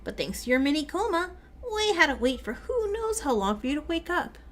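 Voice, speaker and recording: A woman's voice: sits high, big pitch swings, a little fast, a bit bright, voice pushed up. A woman doing a smug, taunting TV-head mascot. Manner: taunting, gleefully callous. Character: smug TV-headed mascot host running a deadly game.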